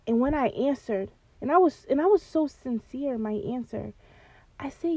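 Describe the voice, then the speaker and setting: A woman's voice: high voice, lively intonation, normal speed, warm tone, no echo. A woman hosting a faith podcast, talking earnestly and preacherly. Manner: earnest, preacherly, addresses listeners as y'all. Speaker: podcast host. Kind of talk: faith-based podcast talk.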